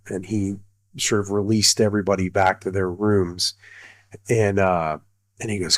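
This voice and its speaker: A man's voice: fairly low pitch, fairly even intonation, unhurried, no echo. A middle-aged man, a retired army colonel, telling a story casually, rambling with many fillers and restarts.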